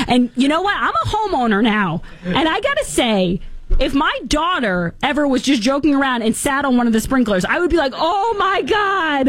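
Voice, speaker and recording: A woman hosting a talk show, giving casual political commentary in a sarcastic, mocking and animated way. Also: high voice, dry recording.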